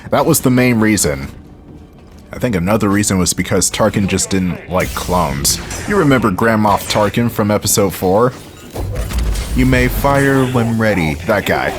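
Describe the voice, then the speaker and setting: Wry Philly-accented let's-play host, low-voiced, game music faint behind. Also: male voice, animated, normal speed. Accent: Philadelphia. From Philadelphia area. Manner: chatty and wry, jokes to himself, swears now and then. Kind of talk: casual gameplay commentary.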